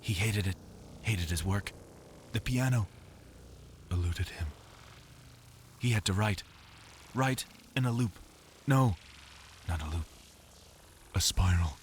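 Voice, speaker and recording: A man doing an impression of a brooding male noir narrator from a video game, speaking in halting, dramatic phrases. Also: deep voice, a little hiss or hum.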